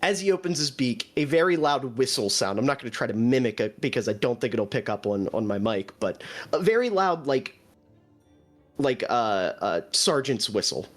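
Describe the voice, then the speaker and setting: A man narrating a tabletop role-playing game as game master, describing scenes in an animated way. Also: mid-range voice, moderate pace, faint music behind.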